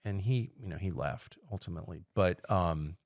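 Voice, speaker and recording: A middle-aged man, a podcast guest, talking candidly and wryly, dropping to low mutters and then jumping up in loud bursts. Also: moderate pace, no room sound, clean studio sound. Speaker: podcast guest, political commentator. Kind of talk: casual conversation.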